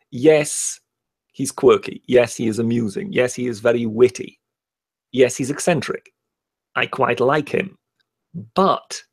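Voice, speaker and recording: Man, England-born, raised in Europe; live-stream co-host, firm and measured, some stammers. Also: mid-range voice. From born in England, grew up in continental Europe. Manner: measured, emphatic, with stammered restarts. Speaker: co-host, political commentator. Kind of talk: live-stream political chat.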